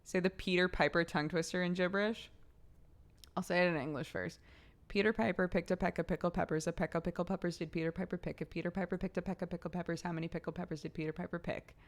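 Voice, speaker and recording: Female streamer, casual live chat, playful and giggly, slightly low register. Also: steady tone, fast talker. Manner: playful, laughs often, reciting tongue twisters.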